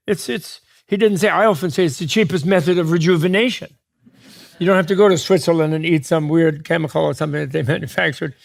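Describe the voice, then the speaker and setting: This man's voice is a little high with vocal fry as he gives a dharma talk to listeners. A Buddhist teacher, he digresses, jokes, breaks off mid-thought to start again and adds quick laughing asides.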